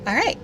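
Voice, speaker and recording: In a crafting video, the woman hosting chats casually, humming and rambling, then pokes fun at herself for going on so long.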